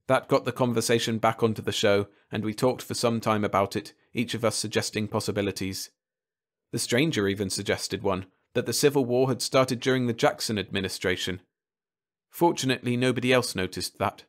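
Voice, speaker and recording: A man narrating a short story as an audiobook in a calm, steady way. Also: lowish voice, a little fast. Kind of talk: scripted narration.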